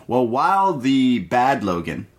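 A man's voice: mid-range voice, sing-song, unhurried. A man co-hosting a movie podcast, recapping a film in a rambling, profane, casual way full of fillers.

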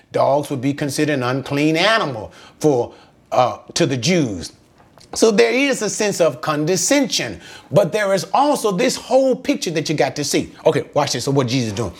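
Man preaching a sermon, slow and drawn out, voice swings up and down a lot, keeps asking the crowd questions. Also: sits high. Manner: teaching, asks rhetorical questions to the listeners; emphatic, repeats key phrases.

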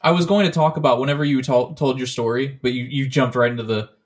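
A man's voice: medium pitch, steady tone, fast. A man in casual podcast chat, telling a long story in a rambling, profane way, full of restarts.

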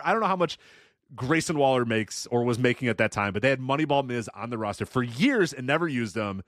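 A man's voice: mid-range voice, fairly bright tone, no room sound. A man co-hosting a wrestling podcast, sardonic and rambling with frequent laughs on a close mic. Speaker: podcast co-host. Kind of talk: casual chat.

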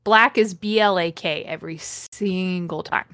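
In this comedic dramatic reading, a woman podcaster keeps breaking away to mock the text, sarcastic and cursing freely. Her lowish, fairly bright voice is unhurried, captured in clean studio sound with no room tone.

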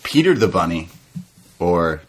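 Laughing, animated male podcast co-host. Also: low-pitched, a little slow, husky. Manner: animated, laughs often, quotes wrestlers in raised mock voices. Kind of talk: casual wrestling recap chat.

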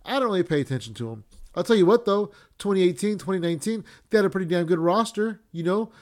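A man's voice: high-pitched, expressive, fast talker. A young man hosting a wrestling podcast, ranting casually with lots of swearing, fillers and restarts.

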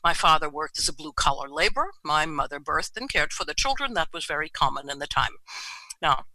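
A man's voice: fairly high pitch, expressive, a little fast, pushed and bright, dry recording, poor audio. A man in his seventies from New York City, telling his life story in a reflective way and often checking in with "right?". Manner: reflective, often adds "right?" tag questions. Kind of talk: personal storytelling talk.

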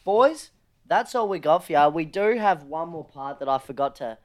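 A man's voice: fairly high pitch, expressive, moderate pace. A young man hosting a casual podcast chat, matey and easygoing. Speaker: podcast host.

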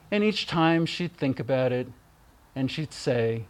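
Middle-aged guy telling stories about his mom, gentle and heartfelt, slightly high voice, lots of soft pauses. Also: lively intonation. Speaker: speaker giving a spiritual reflection. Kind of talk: personal remembrance talk.

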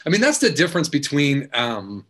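A man hosting a casual talk, relaxed, swearing freely and acting out bits of his anecdotes. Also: on the high side, moderate pace, husky. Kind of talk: casual chat.

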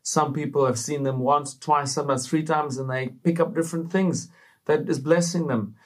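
A man with a slightly high voice hosts a Christian talk show. He speaks to viewers in an upbeat, preacherly way, and his casual talk is full of fillers. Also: steady tone, normal speed. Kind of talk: casual faith talk to camera.

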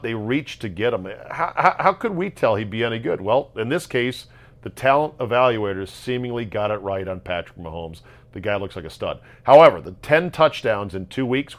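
A man hosting a solo sports talk show, ranting sarcastically about football results and jumping between loud outbursts and low muttering. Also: expressive, moderate pace. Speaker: sports podcast host. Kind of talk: casual solo sports commentary.

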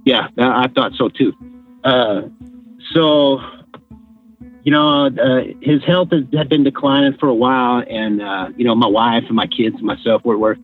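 A man's voice: medium pitch, fairly even intonation, normal speed, soft background music. A middle-aged man from Texas calling in to a talk show, telling a story with many restarts and fillers. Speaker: caller. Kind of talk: call-in storytelling. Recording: tinny phone line.

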